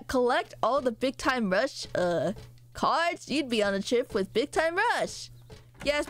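A woman from the United States casually chatting with her viewers while playing a horror game, joking and swearing freely. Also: sits high. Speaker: streamer. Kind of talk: casual gaming stream chat.

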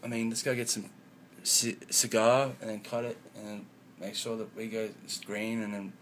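A man's voice: on the low side, little pitch movement, moderate pace, fairly bright tone, slight background noise, low-quality recording. A man rambling in a profane vlog monologue at home, often mumbling.

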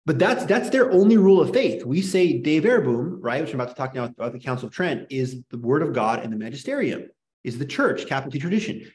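A man's voice: mid-range voice, big pitch swings, brisk, darkish tone. A man lecturing a small class in an impassioned, worked-up rant. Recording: echoey room.

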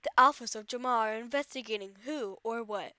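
Girl doing a lowered animal newsreader voice. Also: a little fast, sharp tone, no room sound. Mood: solemn. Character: male animal news announcer from a kids' game.

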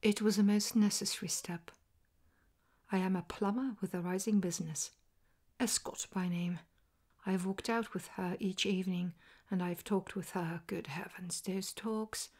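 A woman softly voicing a self-assured male detective in a half-whispered, measured way, as whispered role-play. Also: medium pitch, fairly even intonation, close to an everyday voice. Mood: calm resolve. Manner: measured and resolute.

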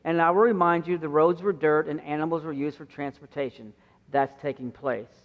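Middle-aged male pastor, high-pitched, conversational sermon, muffled recording with long church reverb. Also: steady tone, brisk. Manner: conversational preaching, acting out quoted voices with rising pitch. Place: church sanctuary.

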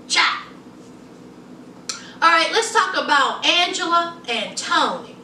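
A woman's voice: very high-pitched, animated, measured pace, bright, forceful tone, a little hiss or hum. A woman giving casual, sassy commentary on a reality show, calling her viewers honey and child. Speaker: reality TV reviewer. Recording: roomy echo, distant from mic.

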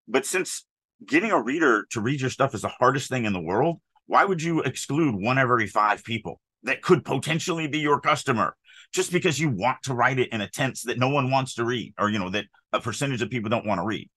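A man's voice: medium pitch, animated, a little fast, sharp tone, husky, no room sound. A middle-aged man co-hosting a writing podcast, talking casually in an opinionated, emphatic way with rambling asides. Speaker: podcast co-host, author. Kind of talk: casual chat on writing craft.

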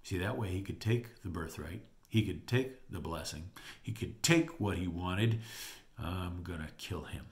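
A man with a fairly low voice teaches from scripture. He retells the story with lively animation and reads the verses aloud. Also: measured pace, vocal fry. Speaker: Bible teacher. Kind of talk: Bible teaching.

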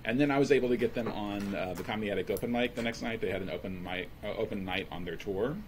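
A man co-hosting a podcast as a stand-up comedian, talking in a relaxed, rambling way with plenty of fillers. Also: fairly low pitch, fast talker, noisy background. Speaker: podcast co-host. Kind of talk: casual chat.

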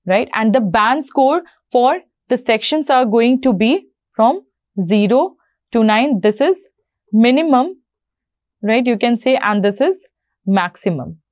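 A woman's voice: fairly high pitch, animated, takes it slowly, darkish tone, no room sound, clean studio sound. A woman explaining an exam format to learners, often checking in with "right?" and "you know". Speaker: IELTS instructor.

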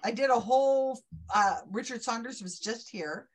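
Over a video call, a woman with a fairly high voice hosts an online trivia night at a moderate pace. Her talk is chatty, enthusiastic and rambling, like a casual group conversation.

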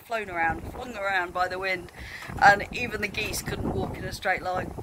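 A woman's voice: medium pitch, steady tone, normal speed. Chatty woman in buffeting wind. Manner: chatty, laughing, teasing the animals. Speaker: smallholder filming her animals. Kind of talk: casual vlog narration. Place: outdoors on a farm in a storm. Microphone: handheld camera. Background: strong wind noise.

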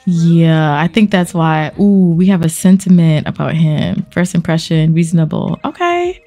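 Animated young woman doing game commentary. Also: fairly low pitch, moderate pace. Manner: animated, slangy, talks to viewers. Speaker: let's play host.

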